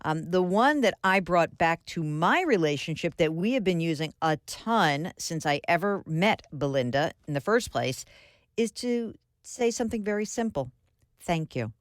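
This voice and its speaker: A woman's voice: lowish voice, animated, normal speed, no room sound. A woman hosting a radio interview in a studio, chatty and enthusiastic, with frequent fillers. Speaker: radio show host. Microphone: studio microphone.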